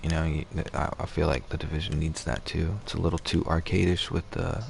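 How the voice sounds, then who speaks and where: A man's voice: rumbling low, flat delivery, brisk, gravelly, a little mellow, slight background noise. A man streaming a game, chatting casually and rambling, with swearing and restarts. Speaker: gaming streamer. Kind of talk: casual gaming chat.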